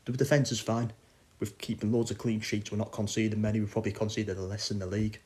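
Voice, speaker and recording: A man's voice: on the low side, little pitch movement, quick pace, a little mellow, a little hiss or hum. Frustrated man ranting. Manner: frustrated, blunt, swears. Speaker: football fan podcaster. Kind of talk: casual ranting chat.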